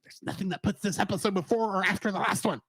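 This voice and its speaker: A man's voice: high voice, fast talker, a bit bright, slightly rough, dry recording. A man co-hosting a casual cartoon review podcast, joking and laughing often as he talks. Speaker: podcast co-host.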